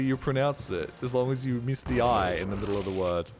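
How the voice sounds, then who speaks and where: A man's voice: mid-range voice, brisk, few pauses, music in the background. A man streaming a video game, chatting casually with a goofy, self-mocking manner and plenty of swearing. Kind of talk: casual gaming stream commentary.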